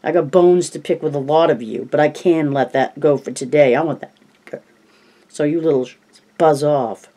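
A man reads as a crude, hulking teenage bully, jeering and menacing in a raised, harder audiobook voice. The bully barks his threats a notch higher and louder than the reader's own tone. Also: moderate pace, lightly acted. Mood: threatening. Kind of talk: audiobook dialogue.

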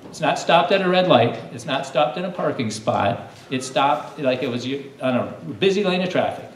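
A man leading a lively lesson for a room of children, coaxing them to call out answers like a coach. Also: on the high side, moderate pace. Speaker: children's teacher. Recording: echoey room, distant mic, faint hum.

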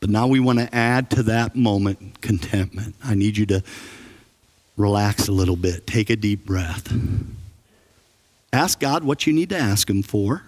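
A man preaching a sermon as pastor, telling stories with humor and lively emphasis. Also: on the low side, unhurried, pauses often. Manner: animated storytelling with humor. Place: church sanctuary.

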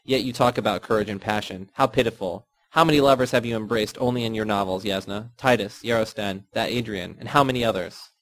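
A man's voice: fairly low pitch, fairly quick, few pauses, natural voice. A man voicing a bitter, cold woman. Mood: cutting. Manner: grumbling, cutting. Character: bitter, sullen grown woman, cold and cutting.

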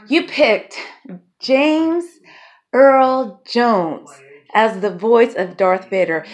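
A woman vlogger talking to camera in a loose, rambling way, laughing often and swearing freely. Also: high-pitched. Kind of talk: casual rambling monologue to camera.

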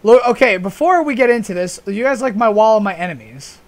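A man hosting a casual gaming session with friends, excitable and playful, teasing them as they play. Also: high voice, a little fast. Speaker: gaming channel host. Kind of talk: casual gameplay chat.

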